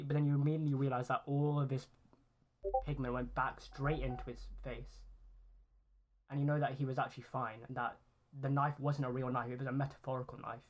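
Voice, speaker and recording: A man narrating as game master of a tabletop role-playing game, speaking slowly and repeating phrases for emphasis. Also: mid-range voice.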